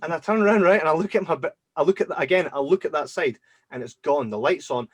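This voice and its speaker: Guy hosting a podcast, chatty and animated, dry close sound. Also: a little high, quick pace, slightly rough, no room sound. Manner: animated, acts out his own past reactions. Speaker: podcast host. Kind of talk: casual storytelling chat.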